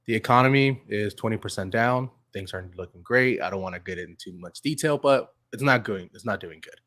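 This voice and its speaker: A man's voice: on the low side, a little fast, fairly bright tone, no room sound. Blunt male guest with a dry sound. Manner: blunt and profane, reasons things out. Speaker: podcast guest. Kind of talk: casual chat.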